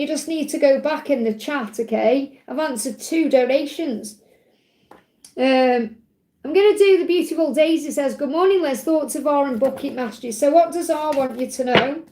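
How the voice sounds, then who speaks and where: Woman, live card reader, high voice, chatty, reassuring, roomy echo. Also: a little mellow. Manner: chatty, reassuring, with frequent checking "okay?". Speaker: tarot card reader and livestream host. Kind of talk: live chat card reading.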